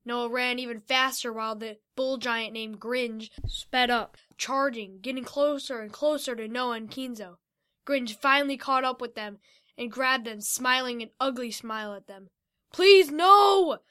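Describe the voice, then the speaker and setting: A woman's voice: on the high side, steady tone, normal speed, pushed and bright. A woman reading a fantasy adventure story aloud, giving the characters light voices.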